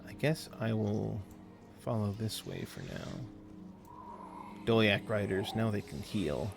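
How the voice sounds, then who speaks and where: Male streamer, low gravelly voice, easygoing rambling chat with viewers, faint game music under him. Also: wildly swooping pitch, slow pace. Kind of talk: casual gameplay commentary, chatting with viewers.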